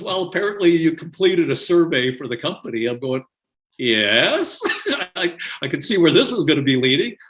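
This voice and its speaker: An older man, a podcast guest, telling stories in an animated way and laughing often as he talks. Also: fairly high pitch. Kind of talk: conversational storytelling.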